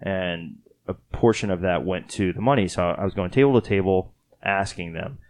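A man's voice: deep voice, normal speed. A man from Texas hosting a podcast in casual chat, rambling and joking at his own expense, tired after a late night. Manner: rambling, joking, self-mocking. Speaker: podcast host.

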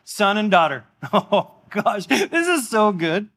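A man preaching a sermon in a church, animated and exclamatory in a conversational way. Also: high voice, slow pace. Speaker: pastor.

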